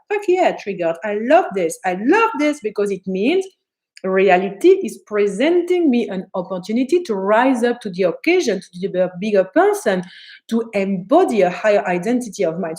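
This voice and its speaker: Animated woman spiritual teacher. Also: a little high. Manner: animated, chatty, laughs often, acts out inner voices. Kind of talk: live-stream talk answering viewer comments.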